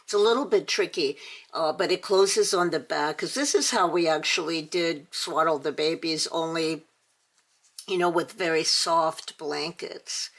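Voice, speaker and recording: A woman's voice: deep voice, unhurried. An older woman hosting a casual toy unboxing, chatty and gushing, with many fillers. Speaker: toy channel host.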